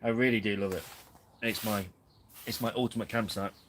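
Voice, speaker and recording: A man's voice: on the low side, fairly even intonation, brisk, a little hiss or hum, low-quality recording. A man hosting a casual live stream from his tent, rambling and self-deprecating. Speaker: camping channel host. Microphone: camera on tripod.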